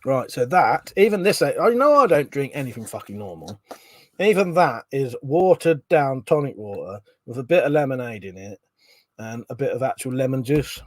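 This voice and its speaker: A man's voice: medium pitch, sing-song, moderate pace, dry recording. A middle-aged man hosting a casual live stream, swearing freely, laughing often and chatting about viewers' comments.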